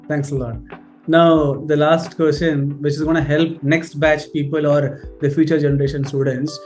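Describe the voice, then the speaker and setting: A man's voice: on the high side, flat delivery, unhurried, darkish tone, soft background music. A man with an Indian English accent, a trainer interviewing his former student in a chatty way, often repeating himself. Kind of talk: casual interview.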